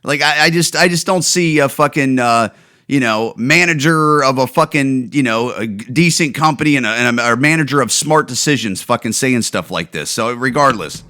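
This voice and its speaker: A man's voice: mid-range voice, normal speed, pushed and bright. A man hosting a podcast, ranting in a profane, exasperated way about viral videos and stumbling over repeated words. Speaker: podcast host.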